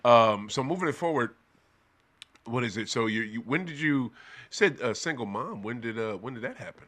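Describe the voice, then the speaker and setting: A man's voice: mid-range voice, expressive, normal speed, fairly bright tone. A man with a St. Louis accent hosting a casual podcast, chiming in with slangy encouragement. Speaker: podcast host. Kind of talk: casual chat.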